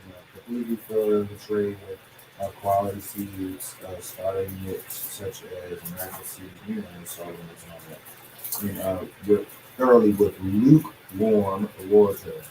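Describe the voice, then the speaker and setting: A man with a lowish voice who explains things step by step in casual chat, with fillers along the way. He is recorded from a distance in an echoey room, with clear background noise. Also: flat delivery, a little slow.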